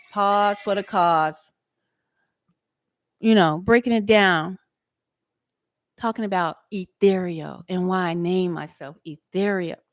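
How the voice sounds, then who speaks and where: A woman talks to her online viewers in a slow, deliberate way, half chatting and half preaching. The sound is dry and close. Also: lowish voice, no room sound. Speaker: livestream host. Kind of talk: casual livestream chat and teaching. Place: outdoors.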